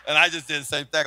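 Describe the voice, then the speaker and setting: A man preaching a sermon as senior pastor, telling a story with animated delivery and acted-out voices. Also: on the high side.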